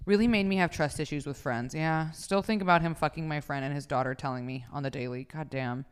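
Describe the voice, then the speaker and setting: Young woman with a low, smooth voice. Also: brisk. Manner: profane, laughing, blunt. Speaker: podcast host. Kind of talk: casual podcast chat, reading listener stories aloud.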